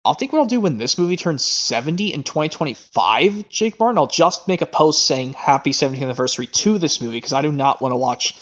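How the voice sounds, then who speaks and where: Lively, rambling male stream host. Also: mid-range voice. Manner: rambling, quick asides. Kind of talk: casual chat about a movie collection. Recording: lo-fi stream audio.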